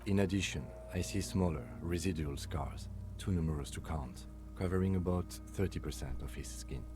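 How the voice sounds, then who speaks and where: An actor playing a composed, methodical police lieutenant in a detective video game, speaking in a precise, formal way. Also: male voice, low-pitched, normal speed, over music, lightly acted. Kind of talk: game voice acting.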